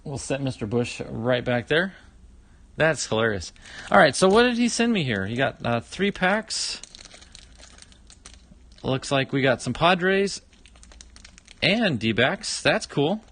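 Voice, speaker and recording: A man's voice: medium pitch, very animated, slow, pauses often, a bit bright. A middle-aged man hosting a casual livestream, opening fan mail, chatty and exclaiming often.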